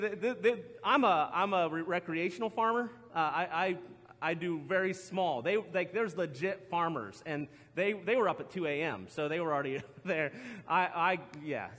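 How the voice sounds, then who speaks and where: A man's voice: high voice, a bit bright. A middle-aged man preaching a sermon, telling a casual story about his week with lots of laughs and restarts. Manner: chatty, self-deprecating, laughs often, restarts a lot. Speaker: pastor. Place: church auditorium. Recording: church hall with long reverb.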